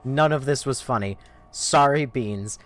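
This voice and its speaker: A man's voice: mid-range voice, measured pace, a bit bright, soft background music. A young man streaming a game, telling a rambling story in casual chat, self-mocking, swearing and laughing between lines.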